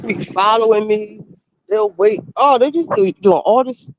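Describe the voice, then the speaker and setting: A woman streamer telling casual stories in a blunt, animated way, acting out the people she quotes. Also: mid-range voice, unhurried, no echo. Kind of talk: casual storytelling.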